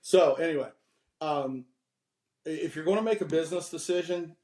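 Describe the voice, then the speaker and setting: A man in his fifties appears as a podcast guest, speaking animatedly at a moderate pace in a fairly high voice. He shares candid stories and laughs at himself before turning preachy with advice, and the room gives off a noticeable echo.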